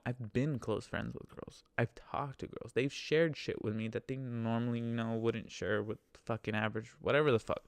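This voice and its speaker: A man's voice: on the low side, no echo. A young man, a rideshare driver, telling a rambling, profane story and laughing through it. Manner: rambling and profane with many restarts; amused, laughs while talking. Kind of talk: casual storytelling.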